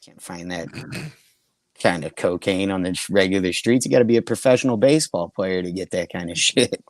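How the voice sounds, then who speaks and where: A man's voice: low voice, a little fast, dry recording. A middle-aged man casually telling profane, rambling anecdotes on a comedy podcast, often laughing as he talks. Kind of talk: casual storytelling chat.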